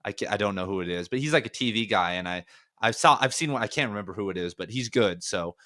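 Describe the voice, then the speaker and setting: A man's voice: on the low side, quick pace, sharp tone. A man hosting a casual podcast conversation, musing aloud in long rambling stretches full of fillers. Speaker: podcast host.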